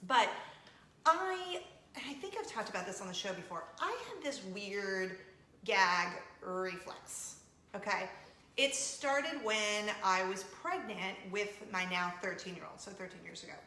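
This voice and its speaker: A woman's voice: mid-range voice, animated, measured pace, bright, forceful tone. A woman, hosting a casual weekly coffee chat and retelling everyday mishaps with self-mocking drama. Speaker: host of a weekly coffee talk show. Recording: roomy echo with faint room noise.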